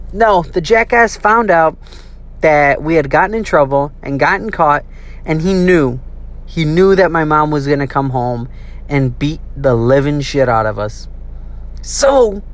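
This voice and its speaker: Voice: medium pitch, moderate pace. A young adult casually telling a childhood story, swearing freely and acting out the people in it. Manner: profane, animated, acts out quotes.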